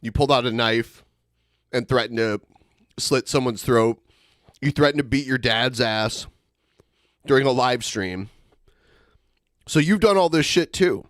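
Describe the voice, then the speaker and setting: A man's voice: medium pitch, unhurried, pauses often, fairly bright tone, dry recording. A man hosting a podcast, reacting to clips with dry, sarcastic retorts. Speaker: podcast host.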